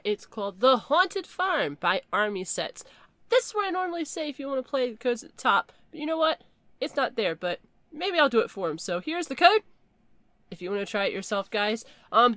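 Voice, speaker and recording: A woman giving chatty, excitable commentary while playing a horror game and reading its text aloud. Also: fairly high pitch, no room sound. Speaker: gaming video creator.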